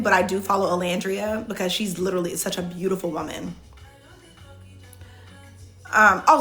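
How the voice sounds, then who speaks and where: A woman talks casually on a livestream, reading viewer comments and answering them in a loose, chatty way full of "like" fillers. Her voice is bright and forward, with faint music playing underneath. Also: fairly low pitch. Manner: frequent "like" fillers and restarts. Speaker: reality show contestant hosting a live Q&A.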